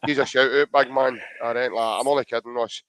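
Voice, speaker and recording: A man's voice: mid-range voice, steady tone, brisk, fairly bright tone, no echo. A young man with a Scottish accent co-hosting a live podcast, joking around and reading out viewer comments in a casual chat. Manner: jokey, chatty, reads out viewer comments. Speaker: podcast co-host.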